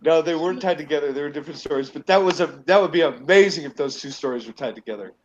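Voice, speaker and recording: A man's voice: on the high side, very fast. A man co-hosting a casual online show, getting over a cold, talking in a rambling, candid way and swearing freely. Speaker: co-host. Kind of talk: casual chat. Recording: dull lo-fi home mic with faint noise.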